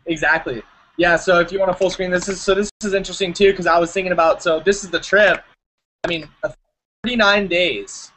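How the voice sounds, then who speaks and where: A young man with a high voice co-hosts a podcast in loose casual chat. He jokes around and sometimes reads posts aloud in mock voices. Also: steady tone, fairly quick, pushed and bright, a little hiss or hum, low-quality recording. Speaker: podcast co-host.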